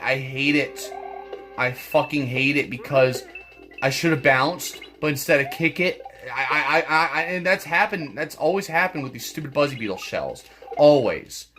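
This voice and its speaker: Over faint background music, a gaming channel host with a fairly high, slightly bright voice narrates his let's play at a normal speed. Swearing comes up often, and restarts leave him stammering.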